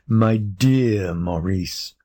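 A sly male cat from a storybook, smug and teasing, as a man reads him aloud. He drawls his words at a very slow, relishing pace. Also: on the low side, dark tone.

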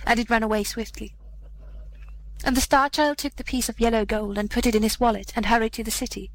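A woman reading an old fairy tale aloud in a measured storybook manner. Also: a little high, fairly even intonation, a little hiss or hum, low-quality recording.

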